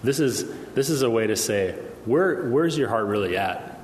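With a mid-range voice, lively intonation and a moderate pace, this pastor delivers a conversational sermon, frequently asking the congregation "okay?" The church hall recording is echoey with long reverb and a little hiss or hum.

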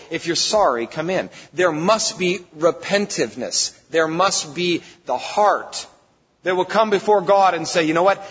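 A husky, fairly high-pitched man preaches as pastor, conversational but emphatic, with sudden lifts in force. The recording is dull and lo-fi. It carries a long reverb from a church sanctuary. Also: fairly bright tone. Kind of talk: sermon.

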